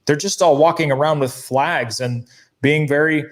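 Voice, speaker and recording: A man's voice: a little high, steady tone, normal speed. A man co-hosting a talk show, talking heatedly and indignantly, mimicking newscasters and swearing now and then. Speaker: co-host.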